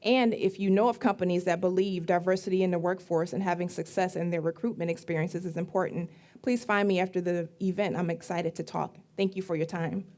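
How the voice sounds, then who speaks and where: Woman closing a formal startup pitch. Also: steady tone, brisk, darkish tone, a little hiss or hum. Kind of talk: demo day pitch.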